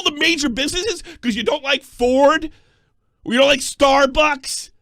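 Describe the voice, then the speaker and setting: Man, angry call-in host, shouting and cursing, bright tense tone. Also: very high-pitched, measured pace, no room sound, studio quality. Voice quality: yelling, profane, combative.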